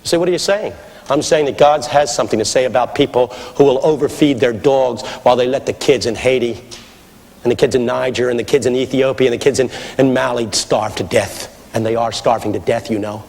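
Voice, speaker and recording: A middle-aged man preaching a sermon, swinging from shouted appeals to hushed storytelling. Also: mid-range voice, brisk, long reverb tail.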